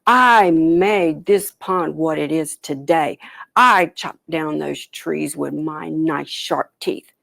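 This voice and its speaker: A woman's voice: low-pitched, slow pace, gravelly, a bit bright, no room sound, full character voice. Pushy storybook beaver, male, proud, voiced by a woman, close and dry. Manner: proud, threatening.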